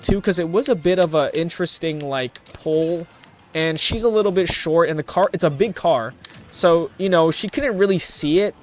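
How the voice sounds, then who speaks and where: A young man vlogging, telling casual stories to his viewers in a rambling, self-mocking way with many restarts. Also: fairly high pitch. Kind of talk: casual storytelling to camera.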